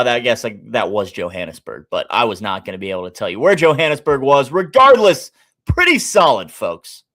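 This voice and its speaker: Midwestern man, live-stream sports host, loose and chatty, greets chat by name, mid-range voice. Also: mid-range voice. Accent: Midwestern American. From American Midwest. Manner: chatty, thinking aloud, shouting out chat members.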